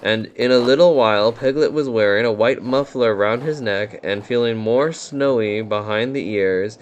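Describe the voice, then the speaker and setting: Man gently reading a bedtime story. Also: fairly low pitch, moderate pace, slight background noise. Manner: gentle, soothing. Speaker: narrator.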